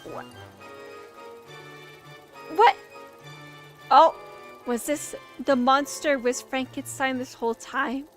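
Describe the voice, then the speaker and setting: A young woman casually chatting while reacting to a silent film, rambling excitedly and filling her talk with "like". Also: sits high, slow pace, pauses often, soft background music. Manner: rambling and excitable, heavy use of "like".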